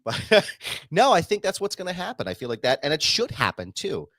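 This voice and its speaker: A man's voice: fairly high pitch, fairly quick, dry recording, studio quality. A man hosting a live wrestling chat show, talking casually and laughing along with his co-host. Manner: animated, laughing, fan-like. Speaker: podcast host. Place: home studio on a live stream.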